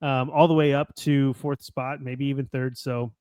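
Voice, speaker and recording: A man's voice: medium pitch, little pitch movement, moderate pace, a little mellow, dry recording, clean studio sound. An American man co-hosting a casual soccer podcast, chatty and rambling, laughing often. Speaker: podcast co-host.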